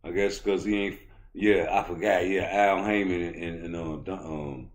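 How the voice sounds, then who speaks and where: A middle-aged man with a Baltimore accent delivers a casual opinion rant about boxing as a YouTube commentator, his low voice keeping a fairly even intonation at a moderate pace. His street talk is blunt, profane and swaggering, and it gets loud when he heats up. There's a little hiss or hum in the audio.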